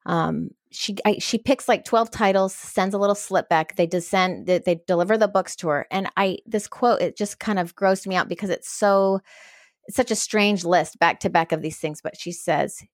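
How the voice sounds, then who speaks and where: A woman co-hosting a podcast, chatting about a book in a lively, casual way. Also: mid-range voice, normal speed, dry recording, studio quality. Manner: animated, chatty, reacts with disgust and laughter.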